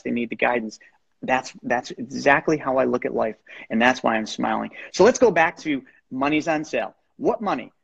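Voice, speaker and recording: Gravelly, husky man pitching hard. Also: dry recording. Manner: energetic, persuasive, preachy. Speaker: guest, real estate lender. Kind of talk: motivational coaching talk. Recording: dull lo-fi sound.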